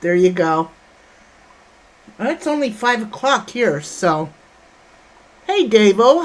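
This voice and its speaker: A woman's voice: medium pitch, big pitch swings, slow, pauses often. A woman hosting a casual livestream from home, greeting chat viewers by name and calling them honey and sweetheart. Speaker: livestream host.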